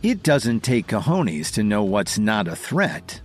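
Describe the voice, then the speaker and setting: A man voicing a calm, defiant young adult man who speaks coldly and unflinchingly, with a husky voice. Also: lowish voice, slow pace, soft background music, heavily acted. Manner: cold, unflinching delivery.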